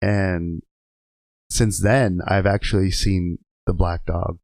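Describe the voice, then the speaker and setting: A trucker guest in a podcast studio spins loose, profane road stories in a lowish man's voice. He rambles, swears freely and laughs through his own tales. The sound is close and dry. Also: steady tone, slow pace, darkish tone, no echo. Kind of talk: casual storytelling.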